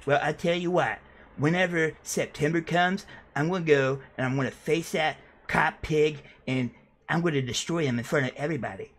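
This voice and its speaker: A man voicing a boastful young male streamer who whines and sobs in a high, cracking voice. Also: moderate pace, lightly acted.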